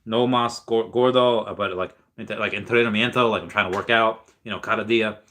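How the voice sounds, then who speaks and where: A young man runs a laid-back livestream, chatting cheerfully in a rambling way and reading viewer comments aloud as they arrive. His low voice still comes across bright and forward, and he talks fast over a slight hiss of background noise.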